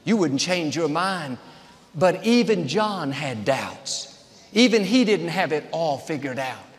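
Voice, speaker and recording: A man with a high voice delivers a sermon, repeating short phrases as he builds toward every point. He speaks slowly in a sing-song manner. Long reverb surrounds him, suggesting a large hall.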